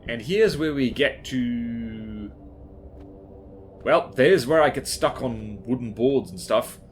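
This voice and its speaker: A man chats his way through gameplay commentary in a mid-pitched voice. He rambles, pokes fun at himself and fills his talk with "like" and "um". Faint game music runs underneath. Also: expressive, slow pace. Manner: chatty, rambling, self-deprecating, many fillers. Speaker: gaming YouTuber.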